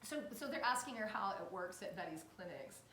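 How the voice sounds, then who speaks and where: A woman co-hosting a podcast, chatting and gossiping in a giggly, animated way and acting out what other people said. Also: mid-range voice, a little fast, reverberant, a little hiss or hum. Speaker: podcast co-host. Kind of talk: casual gossip chat.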